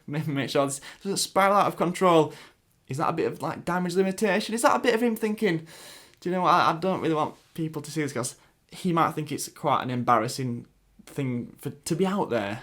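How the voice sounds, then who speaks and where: A man with a Sheffield accent giving casual commentary, hesitant with many restarts. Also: on the high side. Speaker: YouTube commentator.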